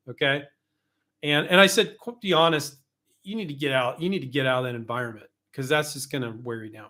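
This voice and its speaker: A man coaching inventors in a casual, frank talk, speaking in a slightly higher register. He is animated and blunt, restarting sentences often and dropping the odd curse word. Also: a little fast. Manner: candid, animated, with frequent restarts and mild cursing. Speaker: host, invention licensing coach.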